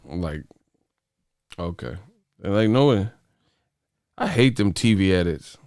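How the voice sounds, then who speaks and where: A man hosts a boxing live stream, profane and joking. His voice is smooth and clear on a close, dry mic. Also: low-pitched, unhurried, pauses often, dry recording. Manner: profane, laughing, animated rants. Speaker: boxing channel host. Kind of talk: casual live-stream chat.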